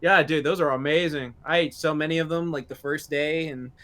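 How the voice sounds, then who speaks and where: A man's voice: fairly high pitch, fairly even intonation, fairly quick, a bit bright. A young man co-hosting a podcast, rambling through a story with lots of laughter and swearing. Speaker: podcast co-host. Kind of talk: casual chat.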